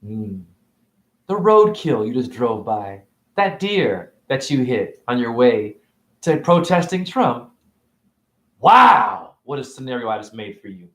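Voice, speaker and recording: A man giving a rambling, confrontational livestream monologue. He fires off rhetorical questions, and his pitch swings widely. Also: big pitch swings, a little slow, echoey room. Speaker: spiritual vlogger and store cashier.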